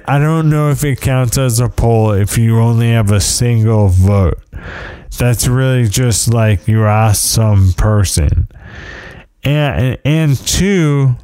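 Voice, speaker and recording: Slow, mellow-voiced man rambling casually. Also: mid-range voice, dry recording, clean studio sound. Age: parent of young kids. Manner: meandering storyteller with self-deprecating asides. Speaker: podcast host.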